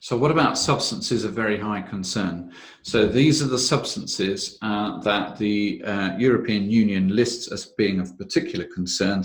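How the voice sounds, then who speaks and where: Low-voiced man explaining regulations. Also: vocal fry, roomy sound. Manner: measured, methodical, frequent "uh" fillers. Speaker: webinar presenter on health and safety law. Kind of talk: explanatory webinar talk.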